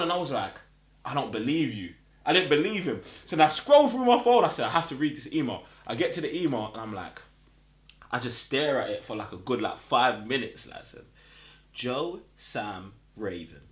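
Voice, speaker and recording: A man's voice: medium pitch, moderate pace. A man, co-hosting a podcast and telling a story in casual chat, acting out voices as he goes. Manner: animated, acts out voices when retelling. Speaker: podcast co-host. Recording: echoey room.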